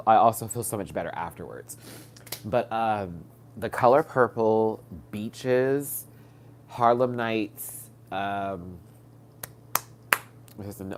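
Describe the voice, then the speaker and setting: His voice is fairly low and a little mellow. He's hosting a live stream on a phone or webcam mic, nasal from having cried, and he rambles through personal anecdotes with lots of fillers and false starts.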